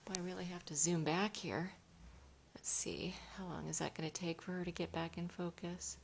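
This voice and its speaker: Soft-spoken woman cooing to her cats. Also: on the low side, steady tone, normal speed, creaky, slight background noise. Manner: soft cooing, often whispered. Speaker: cat owner filming her pets. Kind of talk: casual pet video narration. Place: home indoors. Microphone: smartphone camera.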